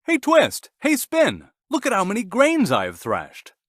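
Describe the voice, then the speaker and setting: A man's voice: sits high, huge pitch swings, unhurried, no room sound, clean studio sound, voice pushed up, exaggerated voice. A man doing an eager, hardworking cockerel. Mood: calling, eager. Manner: calling out loudly, eager. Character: hardworking patient male cockerel.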